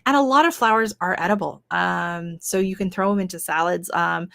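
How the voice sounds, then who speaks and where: A woman's voice: lowish voice, brisk, gravelly, fairly bright tone, no room sound, clean studio sound. Chatty Canadian woman, rambling gardener. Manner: rambling, filler-heavy, chatty. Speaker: gardening channel host. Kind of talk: casual livestream chat.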